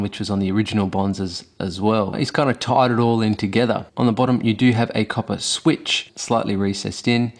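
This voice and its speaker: A man with a broad Australian accent hosting a casual product review, swearing constantly and laying on heavy slang. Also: on the low side. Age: adult with children. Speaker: host of a vape hardware review show.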